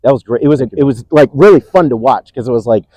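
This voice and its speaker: A man's voice: mid-range voice, animated, very fast, darkish tone, dry recording, low-quality recording. A man coaching combat who praises a fight with plenty of enthusiasm. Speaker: combat instructor. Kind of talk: teaching discussion.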